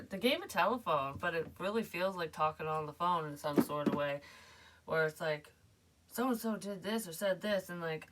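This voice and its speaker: A woman's voice: on the low side, fairly bright tone, recorded from a distance, a little hiss or hum. A woman psychic medium talking casually through a reading, rambling and swearing with frequent laughs. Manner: rambling, profane, laughs often.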